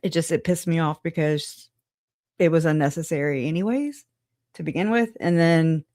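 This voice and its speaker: A woman's voice: low-pitched, normal speed, a little mellow, dry recording, clean studio sound. A woman hosting a casual livestream, greeting viewers by name, chatty and frank, laughing often. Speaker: livestream host.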